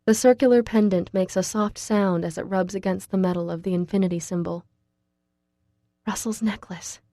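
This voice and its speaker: A woman narrating a novel in first person, reading in a quiet, measured way. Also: mid-range voice, steady tone, no echo, clean studio sound. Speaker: audiobook narrator.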